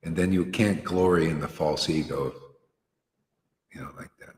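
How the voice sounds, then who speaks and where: A man's voice: extremely low pitch, moderate pace, a little mellow, slight background noise. Earnest man preaching casually in a roomy hall. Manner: casual, earnest, slangy, with frequent "you know" and "man". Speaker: spiritual teacher. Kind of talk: informal devotional talk to a small group.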